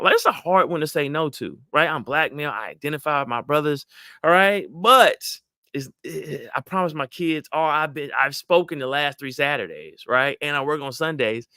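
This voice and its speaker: A middle-aged man, giving lively motivational advice to an audience and acting out voices. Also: on the high side, normal speed, smooth, no echo, clean studio sound. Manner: animated, acts out quoted voices, addresses audience as y'all. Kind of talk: motivational talk to a live audience.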